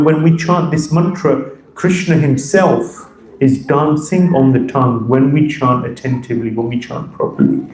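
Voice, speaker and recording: Mellow-voiced man giving a devotional talk. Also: mid-range voice, roomy sound, poor audio. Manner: reverent, reflective, recites verses. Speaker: speaker giving a talk on scripture. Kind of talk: devotional lecture.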